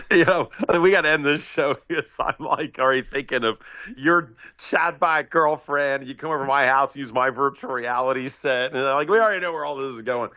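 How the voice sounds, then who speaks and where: Animated male guest over a dull line. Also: medium pitch, no room sound. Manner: animated, thinks aloud, repeats words. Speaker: regular guest commentator. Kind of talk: casual political talk show chat.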